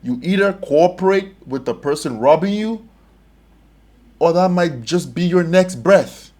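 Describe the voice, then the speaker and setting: A young man with a slightly high voice talks through a reaction video. He is animated and emphatic, and he breaks into laughter often. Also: a little slow. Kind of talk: casual reaction commentary.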